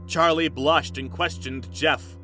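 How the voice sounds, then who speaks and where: Bright-voiced young man, mocking story reading. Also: a little high, slow pace, faint music behind. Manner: dry, mocking asides. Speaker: comedic story reader. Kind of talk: sarcastic dramatic reading with commentary.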